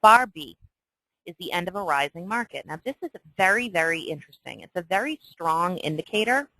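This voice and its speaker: A woman's voice: fairly low pitch, sing-song, fairly quick, sharp tone, dry recording, poor audio. A woman teaching stock chart reading in a chatty, emphatic way, often checking in with "okay?". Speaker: trading instructor. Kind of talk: screen-share trading tutorial.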